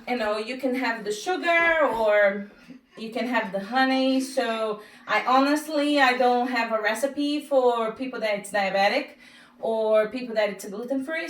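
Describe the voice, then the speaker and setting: A woman with a non-native accent shows how to bake at home, speaking haltingly with many fillers and apologies. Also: on the high side, fairly bright tone. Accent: non-native English. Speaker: home baking instructor. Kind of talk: casual cooking demonstration. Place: home kitchen. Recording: echoey kitchen, mic far off.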